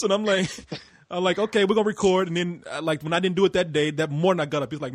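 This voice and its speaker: An American man hosting a podcast, telling stories in a lively, profane, laughing way. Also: a little high, rapid-fire, no room sound, clean studio sound. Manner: animated storyteller, swears freely, laughs a lot. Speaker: podcast host. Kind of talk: casual podcast chat.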